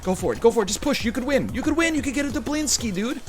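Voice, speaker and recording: Man, gameplay commentator, very expressive pitch, chatty then excitable. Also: fast, music in the background. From Canada. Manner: animated, jumps from chatty riffing to excited yelling at the game. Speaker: gaming commentator.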